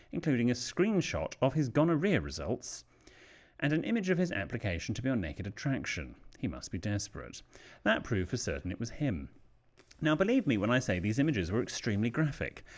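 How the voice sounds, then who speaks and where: Here a British podcast co-host reads out letters from listeners in easygoing conversation. He speaks at a medium pitch, slightly quickly, and his reading is animated and full of life.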